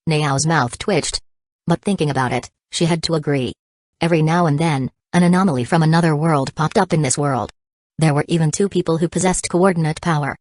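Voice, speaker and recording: A woman narrating an audiobook in an even, steady storytelling manner. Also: sits low, brisk, dry recording.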